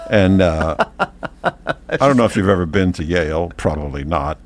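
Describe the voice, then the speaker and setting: A man's voice: sits low, expressive, a little slow. A man voicing a talking male dog, a worldly former professor who rambles wryly and chuckles often.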